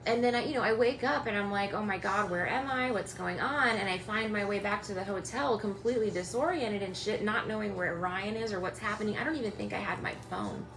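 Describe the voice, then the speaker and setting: A woman's voice: mid-range voice, fast, hardly any pauses, noisy background. A young woman hosting a livestream, ranting angrily and mockingly, swearing and calling out people directly. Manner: angry, profane, mocking, addresses people directly. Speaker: tarot reader hosting a livestream. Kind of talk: livestream rant to viewers.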